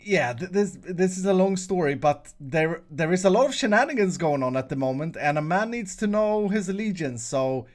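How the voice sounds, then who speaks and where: Lively Swedish man playing Minecraft. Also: sits high, moderate pace, hardly any pauses. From Sweden. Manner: playful, jokey, frequent self-corrections and restarts. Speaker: host, Minecraft player. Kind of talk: casual gameplay commentary.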